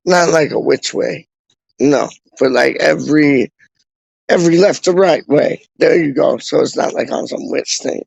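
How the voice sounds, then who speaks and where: Young streamer, rambling slangy chatter, voice a touch high. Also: male voice, a little slow, gravelly, darkish tone, slightly rough, no echo, poor audio. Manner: slangy, rambling, repeats himself. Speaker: livestreamer reading chat. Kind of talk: casual live-stream chat.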